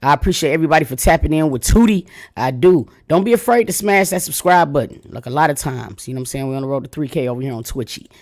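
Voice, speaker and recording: A woman's voice: sits low, expressive, fast, hardly any pauses, darkish tone. A woman hosting a reaction channel, talking straight to her viewers in a hyped, slangy, casual way.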